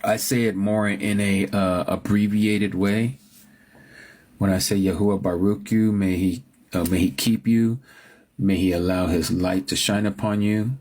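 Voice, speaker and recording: A man's voice: fairly low pitch, fairly even intonation, measured pace, a little mellow. A man hosting a livestream, chatting with viewers about word pronunciations and reading scripture aloud. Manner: muses over word pronunciations, answers viewers. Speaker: livestream host. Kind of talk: casual live-chat talk with scripture reading.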